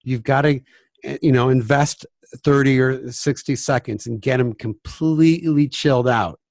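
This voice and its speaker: This music teacher has a gravelly mid-range voice with fairly even intonation and a moderate pace, recorded cleanly in a studio with no echo. Casual and self-deprecating, he discusses classroom behavior and acts out examples, regularly dropping to a hush.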